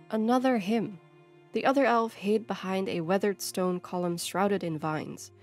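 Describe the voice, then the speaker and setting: A woman narrates a fantasy short story with measured, expressive pacing. Her voice sits at a middling pitch, with faint music behind her. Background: faint background music.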